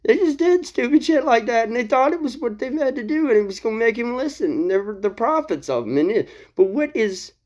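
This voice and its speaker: A man's voice: very high-pitched, big pitch swings, brisk, few pauses, a little mellow, highs cut off. Rambling, laughing man telling a story. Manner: rambling, laughs often, swears casually, many restarts. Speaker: video host. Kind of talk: casual retelling of a Bible story.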